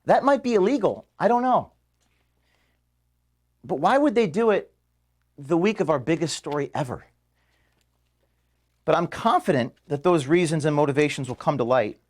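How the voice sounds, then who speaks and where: Emotional man giving a halting farewell. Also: on the high side, expressive. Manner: halting, emotional, pauses and restarts. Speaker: organization founder addressing staff. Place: office, indoors.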